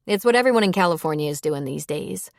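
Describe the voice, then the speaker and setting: Narrator doing a sly, dry-witted barmaid, lowish voice, dry recording. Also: female voice, animated, fast talker, gravelly, no echo. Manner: dry, knowing. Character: sly, guarded female bartender.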